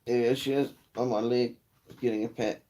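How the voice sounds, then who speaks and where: A man's voice: mid-range voice, fairly even intonation, normal speed, warm tone. Laid-back New Zealand man chatting live. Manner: casual and swearing, slangy with mate and bro. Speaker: livestream host. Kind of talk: casual live chat.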